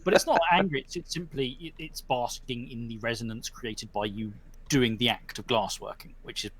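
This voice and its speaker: A man's voice: medium pitch, normal speed, breathy edge. A man narrating a tabletop game as game master, rambling and full of fillers. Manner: rambling, animated, many fillers.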